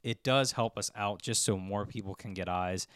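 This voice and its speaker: A man's voice: fairly low pitch, normal speed, a bit bright, clear, resonant tone, dry recording. A man co-hosting a podcast, running through housekeeping in an easygoing, casual way. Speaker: podcast co-host.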